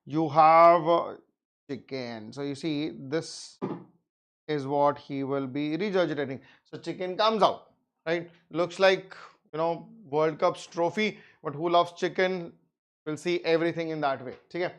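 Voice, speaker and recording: A man's voice: fairly high pitch, normal speed, clear, resonant tone. A middle-aged man with an Indian English accent teaching surgery, telling a patient story and acting out the dialogue. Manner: animated storyteller, acts out dialogue, mixes in Hindi. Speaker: surgery lecturer. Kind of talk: medical lecture with anecdote.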